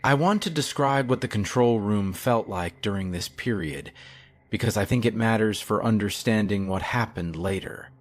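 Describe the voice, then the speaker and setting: Low-voiced man narrating horror. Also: normal speed.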